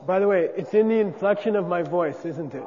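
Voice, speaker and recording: A man lectures a class in a relaxed, conversational way, often checking in with his listeners. His voice sits fairly high for a man. The sound is dull and lo-fi, with a long hall reverb and faint noise behind. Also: a little fast. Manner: conversational, checks in with frequent 'okay?'. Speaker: teacher. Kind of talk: classroom lecture on Buddhist philosophy.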